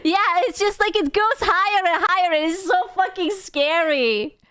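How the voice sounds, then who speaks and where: A woman's voice: very high-pitched, normal speed, a bit bright, dry recording, studio quality. A young woman streamer chatting casually with her chat, rambling, teasing and swearing freely.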